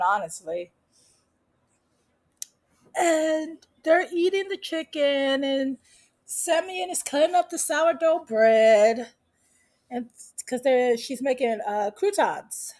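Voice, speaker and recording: A woman's voice: sits high, a little mellow. A woman vlogger recapping a show in a casual, sassy, teasing way, full of slang.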